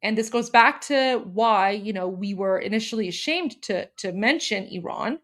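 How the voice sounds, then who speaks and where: A woman hosting a livestream, talking quickly and casually as she introduces a clip. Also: medium pitch, animated, fairly bright tone. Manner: quick, with frequent restarts and fillers. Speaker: livestream host.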